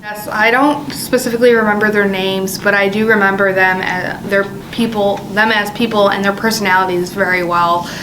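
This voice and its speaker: A woman who served in the Navy recalling her boot camp leaders in a steady delivery. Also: medium pitch, normal speed, hardly any pauses. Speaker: Navy veteran. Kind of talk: recorded oral history interview. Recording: audible background noise.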